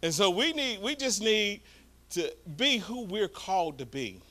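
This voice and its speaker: Brief: male pastor, animated sermon delivery, bright and lively. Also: high-pitched, a little slow. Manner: animated storytelling preacher.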